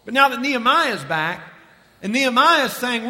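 A man preaching a sermon, his voice very high and bright, with a forceful edge. He draws out his phrases slowly and with emphasis. His voice carries a long reverb from the church hall. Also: very animated. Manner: slow, emphatic, drawn-out phrasing.

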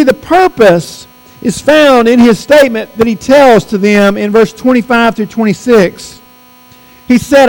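A man preaching a sermon, emphatic, stretching out key words for stress. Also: extremely high pitch. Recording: long reverb, mains hum.

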